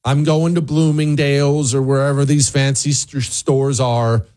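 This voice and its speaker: A man's voice: medium pitch, level tone, measured pace, a little mellow, close to an everyday voice. A man quoting a spoiled, entitled rich young woman in a mocking aside, barely changing his voice. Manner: mocking quote.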